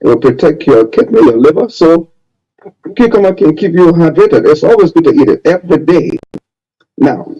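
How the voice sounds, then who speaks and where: A man's voice: on the high side, warm tone, highs cut off. A man presenting a health tip segment, repeating and stressing his key points. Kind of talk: radio health advice segment.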